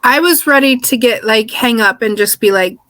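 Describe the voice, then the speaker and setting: A woman's voice: fairly high pitch, normal speed, fairly bright tone, no room sound. A young woman, an actor, chatting casually with lots of "like" fillers. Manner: casual, uses many fillers like "like". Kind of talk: casual interview chat.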